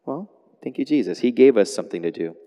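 A man preaching a sermon as a pastor, animated, moving between quiet lines and loud exclamations. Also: mid-range voice, quick pace. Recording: long hall reverb.

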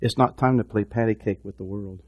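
A man preaching a sermon, swinging from hushed, repeated words to loud, impassioned exhortation. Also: lowish voice, fairly even intonation, brisk, dull audio. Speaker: pastor.

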